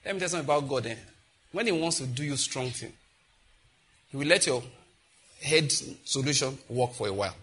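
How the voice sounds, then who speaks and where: Husky, forceful Nigerian preacher. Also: male voice, mid-range voice, a little fast, long pauses. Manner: animated storytelling with sudden exclamations. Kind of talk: sermon.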